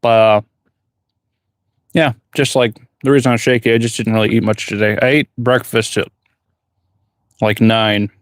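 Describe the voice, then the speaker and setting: A man's voice: fairly low pitch, fairly even intonation, moderate pace, pauses often, dry recording, clean studio sound. A man who is a blacksmith, chatting casually on a livestream from his forge workshop, rambling and reading viewer questions aloud.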